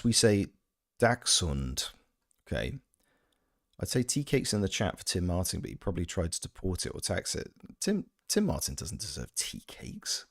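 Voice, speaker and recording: Playful streamer, lively low voice. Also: male voice. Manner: playful, joking, rambling asides. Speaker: gaming streamer and voice actor. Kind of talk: casual stream chat, reading chat aloud.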